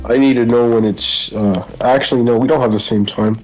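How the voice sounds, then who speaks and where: A man's voice: medium pitch, fairly even intonation, brisk, soft background music, low-quality recording. A man on a voice call, talking hesitantly, restarting words and getting confused. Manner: hesitant, stumbling, easily confused. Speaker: guest on voice chat. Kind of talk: casual voice chat.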